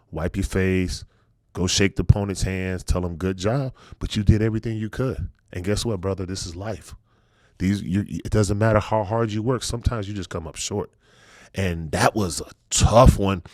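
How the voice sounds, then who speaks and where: A middle-aged podcast host with a fairly low voice talks casually, recounting personal stories with sincerity and dropping his voice as he turns reflective. The recording is studio quality, free of echo.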